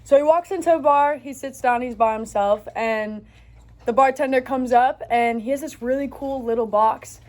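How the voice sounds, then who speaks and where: A woman's voice: high-pitched, normal speed. Woman casually telling a joke. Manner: relaxed storytelling with fillers like 'um' and 'like'.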